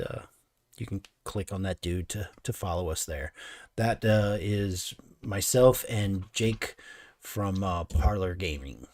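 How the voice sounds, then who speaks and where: Low, mellow man co-hosting a casual stream, wry and easygoing. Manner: dry, wry remarks, thanks subscribers. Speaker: co-host of a live mini painting stream. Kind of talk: casual chat and reading out chat messages.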